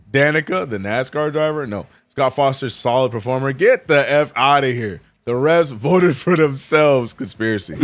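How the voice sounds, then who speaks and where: A man hosting a casual live watch-along stream, reading viewer chat aloud and reacting with sudden high exclamations. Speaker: streamer host.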